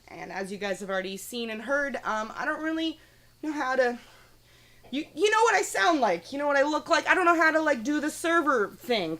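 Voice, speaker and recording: A woman's voice: fairly high pitch, fairly bright tone. A young woman doing a stand-up comedy set on a small studio stage, brash and profane, laughing at her own jokes. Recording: live audience clearly audible.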